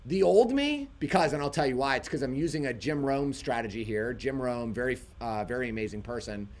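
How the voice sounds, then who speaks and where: A man co-hosting a casual livestream, telling animated stories and quoting himself along the way. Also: medium pitch, fairly quick. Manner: animated storytelling, quotes himself. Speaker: livestream co-host.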